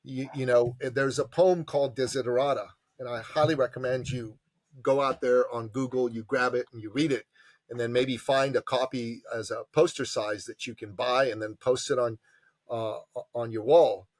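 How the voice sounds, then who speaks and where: A man, an entrepreneur advisor and podcast guest, telling stories with passion and emphasis and acting out quotes in lively voices. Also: medium pitch, normal speed, dry recording. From immigrant to Canada from a tyrannical country. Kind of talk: animated storytelling interview.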